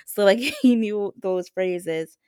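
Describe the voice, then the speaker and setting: A young adult woman hosting a podcast and telling a personal story in a casual, chatty way, full of "like" and lively retellings of what others said. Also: mid-range voice, takes it slowly, smooth, no room sound, clean studio sound. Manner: chatty, heavy use of "like", animated when retelling others. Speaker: podcast host.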